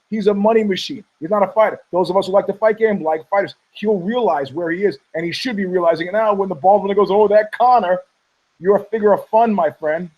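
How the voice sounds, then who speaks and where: A man's voice: high voice, a little mellow, rough recording. A male podcast host giving rambling, combative commentary, profane and heated, often stumbling over restarts.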